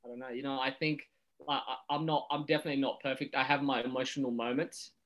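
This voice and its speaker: A man's voice: medium pitch, fast. A man who is a comedian, telling a personal story as a podcast guest, acting out what others said. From Ethiopia. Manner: animated storyteller, acts out quotes.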